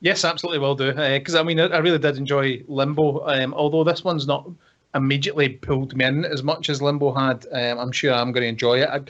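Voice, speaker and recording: A man with a mid-pitched voice, giving his views at a measured pace as a podcast co-host and hedging with frequent ums. He talks over an online call, and the audio sounds dull and lo-fi. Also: steady tone, a bit bright. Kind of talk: casual chat.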